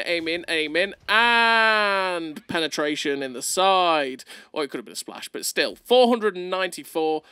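Man, high voice, sharp tone, excitable game commentary, playful, dry close mic. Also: dry recording. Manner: excitable, playful, laughs often. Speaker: gameplay commentator.

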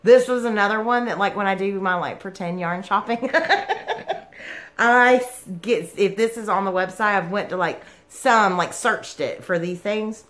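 Woman, excited unboxing vlog, giggly, gushing, says "oh my goodness" a lot, mid-pitched voice. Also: unhurried. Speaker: yarn vlogger.

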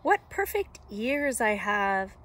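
A woman reading aloud and voicing a vain little girl in a red cape, high and preening. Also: sing-song, slow, a bit bright, slight background noise.

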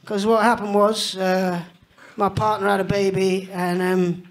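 Male comedian, 30s, high voice, dry deadpan stand-up delivery. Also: a little slow.

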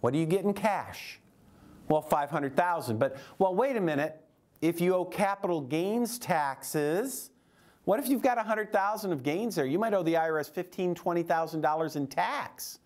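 Animated, high-pitched male radio host. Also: moderate pace. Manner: animated storytelling, acts out a client's lines. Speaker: radio show host, financial advisor. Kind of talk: casual radio talk.

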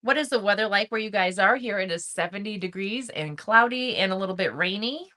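A woman hosts a casual livestream with a bright, clear tone. She chats in a friendly way, greets viewers by name and reads their comments aloud. Her pitch sits in a middle range. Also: a little fast. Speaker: crochet channel host.

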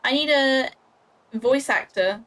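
A young woman with a high, fairly bright voice speaks slowly as she streams a game. Her commentary is casual and chatty, addressed to herself and her viewers, full of jokes at her own clumsy moves.

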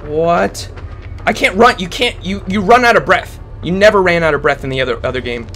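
A man playing a horror game on camera, talking through it with constant swearing and frightened shouts. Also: high voice, a little fast, a little hiss or hum. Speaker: gaming YouTuber. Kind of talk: horror game playthrough commentary. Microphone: webcam setup with face cam.

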